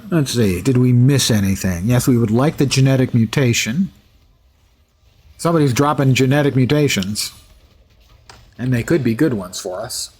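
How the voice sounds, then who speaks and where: A man's voice: medium pitch, expressive, moderate pace, pauses often, darkish tone, slightly rough. A man streaming live, chatting through gameplay with wry asides and jokes.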